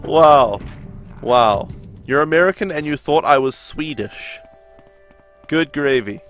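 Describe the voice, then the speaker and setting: A man's voice: a little high, moderate pace. A young man from New Zealand with a New Zealand accent, chatting casually with his stream chat while playing a game. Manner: relaxed, rambling, laughs often. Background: game music.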